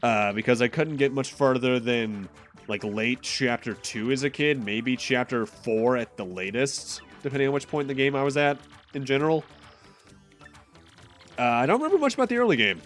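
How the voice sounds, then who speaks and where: A man's voice: mid-range voice, animated, moderate pace. A man from Massachusetts streaming a game, chatting casually with jokes and rambling asides over faint game music. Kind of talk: casual gameplay commentary.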